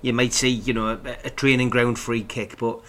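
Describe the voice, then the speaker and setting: A man co-hosting a casual football chat show, speaking in a measured, hesitant way with many restarts. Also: medium pitch, level tone, a bit bright. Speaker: co-host.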